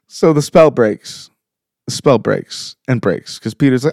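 A young man co-hosting a podcast, chatting casually and excitably about a movie, rambling and laughing often. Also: lowish voice, unhurried, creaky, dry recording, clean studio sound. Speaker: podcast co-host. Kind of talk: casual fan chat reviewing a movie.

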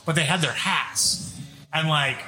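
A man's voice: fairly high pitch, unhurried. A man chatting casually as a radio guest, swearing often and laughing as he tells stories. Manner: swears a lot, laughs while telling stories. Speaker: guest, former wrestler. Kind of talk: casual chat.

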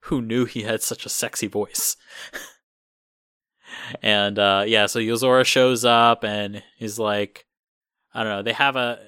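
Casual male podcast host, bright forward tone, rambly, dry close sound. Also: mid-range voice, clean tone, dry recording. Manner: rambling, many fillers and restarts.

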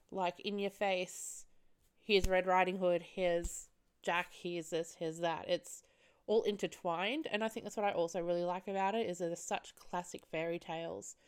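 A young woman recapping a film solo on her podcast, chatty and profane with frequent laughs. Her voice is smooth and clear, at an ordinary middle pitch for a woman. She rambles loosely and goes off on animated tangents. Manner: chatty, sweary, laughs often, animated asides. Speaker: podcast co-host, film reviewer. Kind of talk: casual solo podcast review.

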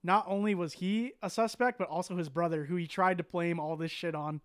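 Male podcast host, laid-back storyteller, high clear voice, dry close mic. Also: brisk, dry recording. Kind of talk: casual chat.

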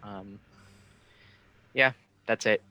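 Low-voiced male player, matter-of-fact. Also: fairly even intonation, drawn-out words, highs cut off. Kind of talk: casual tabletop play.

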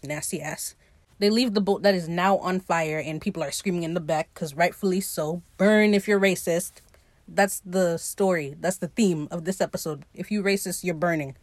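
A young woman hosting a podcast, recapping a TV episode in an animated, profane, teasing way. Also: fairly low pitch, moderate pace, no echo. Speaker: podcast host.

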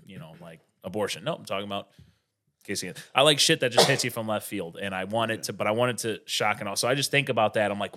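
Bright-voiced rambling comedian. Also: male voice, lowish voice, fast talker. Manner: rambling, profane, many fillers and restarts. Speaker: stand-up comedian guest. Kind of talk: casual podcast chat.

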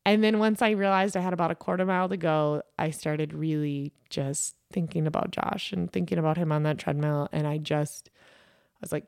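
An earnest woman in her thirties hosts a podcast and talks through a personal story, circling back and restarting her sentences as she goes. Her voice sits a little low, and the recording is dry and close with no room sound. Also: steady tone, normal speed, dry recording. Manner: earnest, rambling, many fillers and restarts. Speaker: podcast host.

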